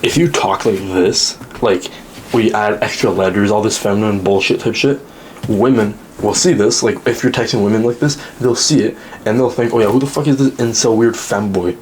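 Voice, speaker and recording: A man's voice: darkish tone, slight background noise. Young man ranting crudely. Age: young adult. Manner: mocking, crude, lectures the listener; mimics high whiny voices when quoting. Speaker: social media commentator. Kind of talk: direct-to-camera rant.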